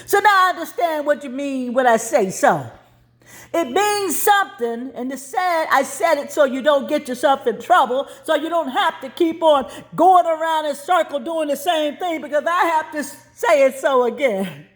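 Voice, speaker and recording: A woman's voice: sits high, normal speed. A woman telling a personal story in a folksy, plain-spoken way with colloquial grammar, acting out the voices as she goes. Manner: lively, acts out voices as she tells.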